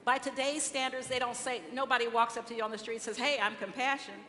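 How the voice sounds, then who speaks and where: A woman's voice: fairly high pitch, fairly even intonation, fast talker, a bit bright. A woman delivers a sermon from the pulpit of a large church, her voice carrying with a long echo and faint room noise behind it. She talks to the congregation conversationally, putting questions to them and acting out what people say. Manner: conversational preaching with rhetorical questions and acted-out quotes. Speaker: speaker at a church service.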